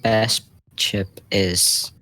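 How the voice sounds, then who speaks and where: A man chatting with friends in voice chat during a game, speaking in a flat, matter-of-fact way. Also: on the low side, drawn-out words. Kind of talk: casual gaming chat. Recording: faint noise with keyboard clicks.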